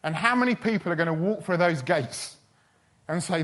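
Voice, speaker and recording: A man's voice: on the high side, lively intonation, moderate pace, a bit bright. A man preaching a sermon in a chatty, humorous storytelling way. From England. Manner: chatty, humorous, with quoted voices.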